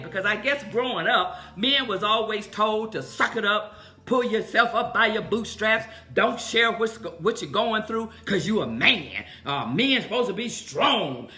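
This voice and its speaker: A woman's voice: medium pitch, bright, forceful tone. Fifties woman on a phone live chat at home, blunt and cussing, emotional, wanders off topic. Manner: blunt, profane, emotional, rambling. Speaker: livestream host.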